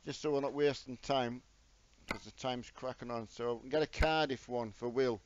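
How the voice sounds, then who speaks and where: A middle-aged gaming streamer chats casually with viewers by name, poking fun at himself as he plays. He speaks at a moderate pace in a steady, medium-pitched voice, over dull lo-fi audio with loud truck game noise.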